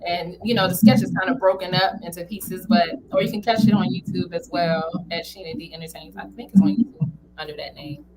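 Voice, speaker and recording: A woman's voice: lowish voice, a little fast, poor audio. Chatty laughing woman, crowd behind. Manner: chatty, laughs often, informal slang. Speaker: guest, comedian and entertainment founder. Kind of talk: casual interview chat.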